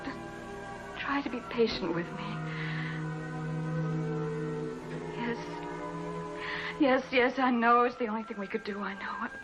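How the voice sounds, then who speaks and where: An actress playing a lonely, desperate woman pleading on the phone, halting and stammering, tearful, in a 1950s TV drama acting style. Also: fairly high pitch, lightly acted. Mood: resigned. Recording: muffled old TV soundtrack with music.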